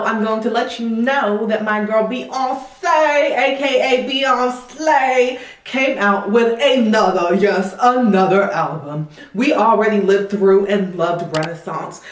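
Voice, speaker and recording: Young British woman vlogging from her craft studio, mid-pitched, upbeat asides, a playful put-on Southern drawl, roomy echo. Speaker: crochet vlogger. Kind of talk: casual chat to camera.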